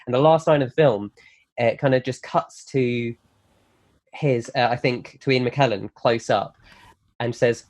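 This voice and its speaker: A man at a middling pitch pitches a film on a comedy podcast. He tears through the plot as an animated tale and slips into the characters' dialogue as he goes.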